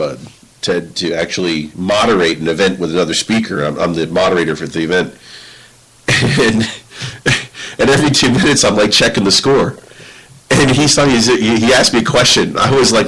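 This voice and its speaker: A man hosting a casual podcast chat, telling an excitable, swearing story and acting out his own reactions. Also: lowish voice, slightly rough, poor audio. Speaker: podcast host.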